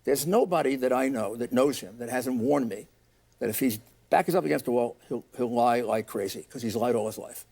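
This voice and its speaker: A man's voice: medium pitch, brisk, gravelly, darkish tone. A man answering an interview question in an emphatic, dismissive way. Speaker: interviewed guest in a played clip.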